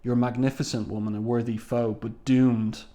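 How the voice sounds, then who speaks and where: A man's voice: mid-range voice, level tone, moderate pace, dark tone, lightly acted. Grandiose male villain, stately and cold, read by a man. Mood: grand menacing.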